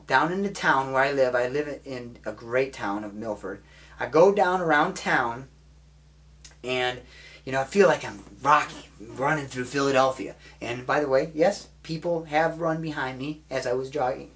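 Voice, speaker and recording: A man's voice: medium pitch, fairly bright tone. A man and amateur filmmaker talking casually and enthusiastically about a film he loves, rambling with many restarts. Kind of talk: casual spoken movie recommendation.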